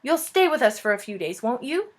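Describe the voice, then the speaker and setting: A woman voicing a calm, gracious mother who is a queen. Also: fairly high pitch, fairly quick.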